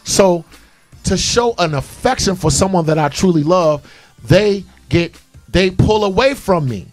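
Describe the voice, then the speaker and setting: A man with a high, bright-toned voice hosts a call-in radio talk show, preaching his point with repetition and heat. Faint music plays underneath his voice. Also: animated, measured pace. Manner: passionate, preachy, repetitive emphasis.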